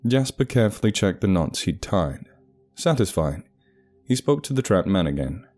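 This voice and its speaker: A man narrating a horror story in a measured, deliberate way, with a very deep voice. His tone is dark and mellow, and the delivery sounds scripted. Faint music plays underneath. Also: big pitch swings.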